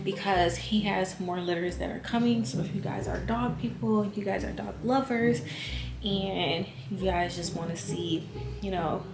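A woman's voice: mid-range voice, unhurried, vocal fry, roomy sound, over music. A young woman, chatting casually to her viewers in a vlog and sounding a little out of breath. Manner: chatty, addresses viewers as y'all. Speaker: vlogger. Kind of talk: casual vlog talk to camera.

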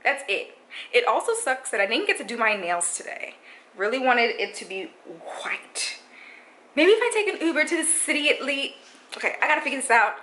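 A woman's voice: sits high, lively intonation, a little fast, rough recording. A young woman from New City, chatting candidly to viewers in a casual vlog. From New York City. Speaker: vlogger. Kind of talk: casual vlog chat to camera. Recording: loud background noise, handheld vlog.

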